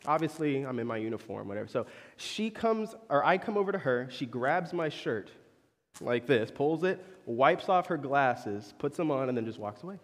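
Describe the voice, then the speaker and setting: A man's voice: mid-range voice, expressive, normal speed, long reverb tail. A young man preaching a sermon as a conversational story, with joking asides to the congregation.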